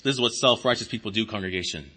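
A man preaching a sermon as pastor, swinging his pitch and volume for emphasis and acting out imagined speakers. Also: quick pace, bright, forceful tone, breathy edge.

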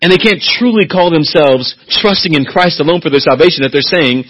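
Husky-voiced preacher, loud to quiet. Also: male voice, lively intonation, brisk, few pauses, lo-fi sound. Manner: swings from quiet and low to loud, high emphatic preaching. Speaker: pastor. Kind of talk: sermon.

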